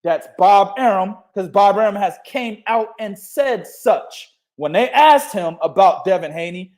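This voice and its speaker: A man's voice: sits high, a little mellow. A young man hosting a casual boxing talk show, swearing freely and laughing often as he argues his points. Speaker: boxing podcast host.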